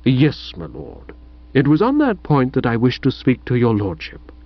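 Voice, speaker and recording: A man voicing an imperturbable, formal male valet who speaks in a low, hushed, deferential tone. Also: wildly swooping pitch, normal speed, no room sound, muffled recording. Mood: measured.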